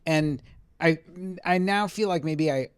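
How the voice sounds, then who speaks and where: A man who works as a TV writer, a guest on a podcast in a living room, talking in a reflective, measured way. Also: a little high, clear, resonant tone, dry recording, clean studio sound. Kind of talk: casual chat.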